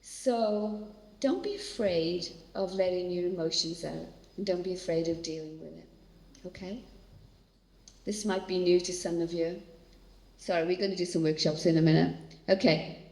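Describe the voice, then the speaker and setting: Woman seminar speaker, lowish voice, earnest and direct with the crowd, long hall reverb. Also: moderate pace, a little mellow. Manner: earnest, talks directly to audience members. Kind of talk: conversational church teaching. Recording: echoey hall.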